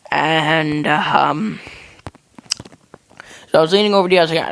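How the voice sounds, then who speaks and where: A man's voice: a little high, fairly even intonation, normal speed, creaky, pauses often, a bit bright. A young man hosting a game video, telling a rambling story with jokes and many self-corrections. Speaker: gaming channel host. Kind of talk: casual storytelling during a game.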